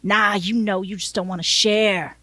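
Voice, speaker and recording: A woman's voice: medium pitch, steady tone, moderate pace, sharp tone, dry recording. A woman voicing a pushy, crude, tipsy male taxi driver with a drawling Southern US accent. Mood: brash.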